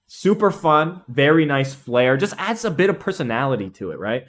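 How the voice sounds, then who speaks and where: A young man streaming a casual, excitable game analysis, rambling and laughing at his own slips. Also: a little high, normal speed.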